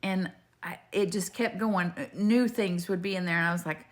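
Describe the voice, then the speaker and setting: An older woman speaks to her viewers in a chatty, digressive way. Her voice sits in a middle pitch, and she keeps wandering off topic, then coming back with questions aimed straight at the listener. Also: fairly quick, fairly bright tone. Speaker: faith video maker. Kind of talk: rambling faith testimony to camera.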